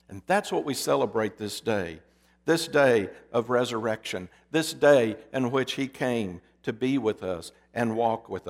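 Male pastor, sermon, dramatic pauses, loud then hushed, long church reverb. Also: mid-range voice. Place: church sanctuary.

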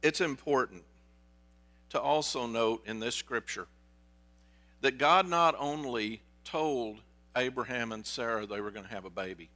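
Bright-voiced male pastor preaching. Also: mid-range voice. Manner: conversational storytelling, asks the congregation questions. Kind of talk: sermon.

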